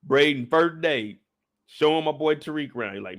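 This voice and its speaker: A man hosting a casual, joking recap of a TV episode, animated and profane. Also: a little high, moderate pace, dry recording, clean studio sound. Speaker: YouTube show recap host. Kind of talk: casual comedic commentary.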